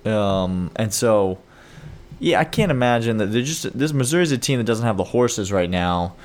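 A man's voice: on the low side, animated, moderate pace. A man co-hosting a casual sports chat, joking and mock-serious, often rambling with fillers. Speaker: sports podcast co-host.

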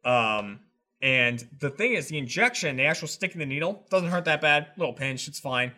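A man's voice: on the high side, moderate pace. A man on a casual podcast, telling a story with lots of swearing and acted-out quotes. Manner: animated storytelling, swears a lot, acts out quotes. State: shaved head. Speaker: podcast co-host. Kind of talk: casual chat.

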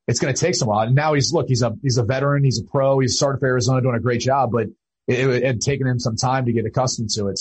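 Husky-voiced man breaking down football. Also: medium pitch, a little mellow, poor audio. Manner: measured, explanatory, many uh fillers. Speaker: football analyst guest. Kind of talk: casual analytical talk.

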